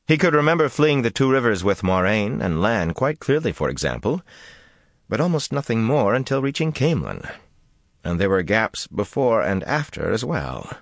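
A man narrating a fantasy audiobook with expressive, dramatic delivery. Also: fairly low pitch, dry recording, clean studio sound.

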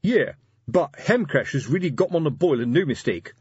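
A man's voice: fairly high pitch, sing-song, fairly quick, a little mellow, husky, no room sound, highs cut off, pitched above the performer's own voice, exaggerated voice. A man voicing a pompous, lecturing middle-aged police sergeant who talks in a fussy, hesitant way. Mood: grave.

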